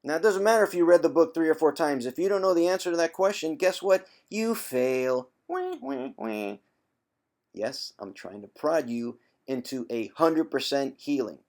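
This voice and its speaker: A man's voice: a little high, animated, normal speed, hardly any pauses, a little mellow. Man giving teasing tough-love advice. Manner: conversational, with frequent throat clearing. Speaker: former chronic pain sufferer giving advice. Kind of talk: direct-to-camera vlog monologue.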